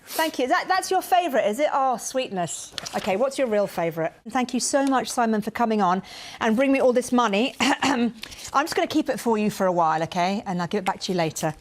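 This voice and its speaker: A woman presents live news from a studio, playfully joking with her colleagues between stories. Her voice is on the high side, with lively intonation and a brisk pace. She speaks into a presenter's mic with an earpiece in her ear, and the audio carries a little hiss or hum.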